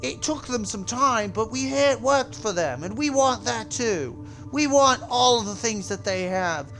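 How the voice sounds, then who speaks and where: List. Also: male voice, expressive, measured pace, a bit bright, faint music behind, exaggerated voice. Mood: boastful. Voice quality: mock-proud sales pitch. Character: smug male game-company spokesman, fake Spanish accent.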